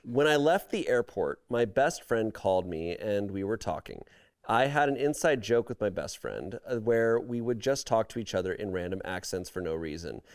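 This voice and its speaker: A man's voice: on the low side, big pitch swings, moderate pace. A man hosting a casual comedic podcast, reading online stories aloud and adding wry, amused remarks. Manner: wry, amused commentary between read passages.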